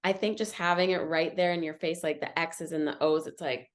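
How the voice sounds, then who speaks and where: A lower-pitched young woman hosting a nutrition podcast. She chats in an easy, agreeable way, full of ums and you-knows as she frames her questions. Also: fairly even intonation, a little fast. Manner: chatty, agreeable, lots of fillers like um and you know. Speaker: podcast host, nutrition coach. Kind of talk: casual podcast conversation.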